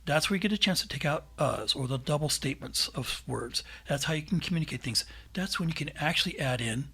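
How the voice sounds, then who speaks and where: A man's voice: on the high side, expressive, fairly quick, vocal fry, pushed and bright, husky. A man co-hosting a casual podcast, talking animatedly and laughing often. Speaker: podcast host and editor. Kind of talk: casual chat.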